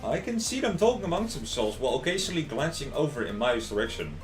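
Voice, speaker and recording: A man's voice: mid-range voice, sing-song, fast talker, echoey room, soft background music. Wry man narrating a visual novel live. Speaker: streamer.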